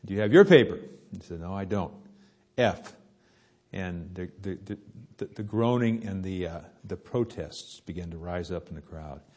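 A man preaching a sermon, telling a story with lively rises and hushed drops. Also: deep voice, a little slow.

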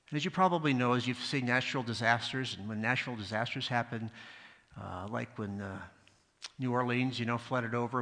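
A man's voice: mid-range voice, bright, forceful tone. A male pastor giving a sermon, telling stories with asides and acting out the voices of the people in them. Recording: long hall reverb.

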